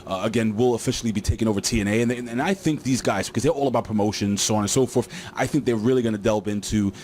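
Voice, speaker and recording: A man's voice: fairly low pitch, racing, darkish tone, a little hiss or hum. A man casually recapping a wrestling show, rambling with lots of fillers and joking asides.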